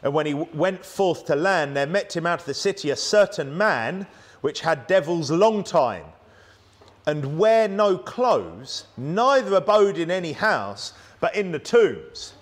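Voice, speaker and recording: A man's voice: a little high, expressive, a little slow. A man with a British accent preaching a sermon in a church, talking conversationally with frequent restarts and tag questions. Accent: British English. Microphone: plugged-in microphone.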